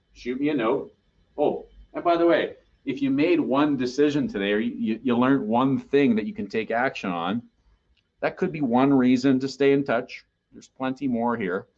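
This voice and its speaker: A man's voice: medium pitch, muffled recording. A man presenting a sales training webinar in a conversational way, often checking in with listeners. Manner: conversational, keeps checking in with "okay?".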